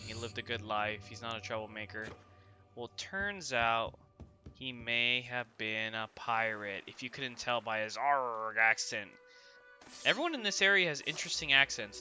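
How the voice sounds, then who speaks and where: Brief: young male gaming host, very bright and crisp, joking casual commentary, faint game music behind. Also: medium pitch, moderate pace. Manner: chatty, jokey, asks viewers "right?".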